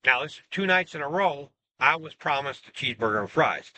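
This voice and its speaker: A man tells a long personal story in a loose, rambling way, doubling back and restarting his sentences. His voice is bright and sharp, sitting a little high for a man. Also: fairly quick. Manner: rambling, animated retelling with restarts. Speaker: self-styled religious teacher. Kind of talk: casual storytelling monologue.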